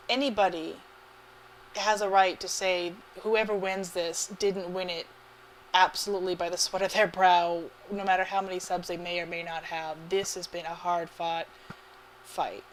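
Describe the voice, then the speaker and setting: A woman giving live commentary on an online game match, chatty and quick to laugh. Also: fairly low pitch, rough recording. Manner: chatty, laughs often, excitable. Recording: faint background noise.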